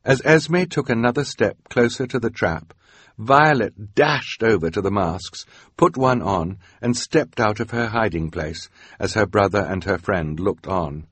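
A man narrating a storybook in a wry, expressive way. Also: lowish voice, measured pace, slightly rough, dry recording, faint music behind. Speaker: audiobook narrator.

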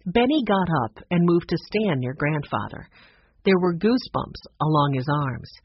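A narrator reading a children's storybook with a lively, rising and falling delivery and a soft, breathy edge. The recording is dry and a little dull and lo-fi. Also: mid-range voice, normal speed, no room sound. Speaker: audiobook narrator.

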